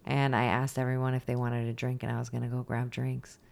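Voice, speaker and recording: A woman co-hosting a podcast, telling stories in a relaxed, chatty way with frequent "um"s. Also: rumbling low, fairly quick, creaky. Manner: storytelling, chatty, hesitant fillers. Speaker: podcast co-host. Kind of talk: casual chat.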